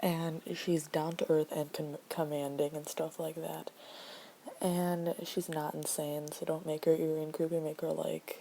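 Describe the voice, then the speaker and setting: A woman's voice: sits low, level tone, unhurried, gravelly, mellow, slight background noise. A woman casually explaining a casting call to voice actors, rambling with many fillers and often dropping to a near-whisper.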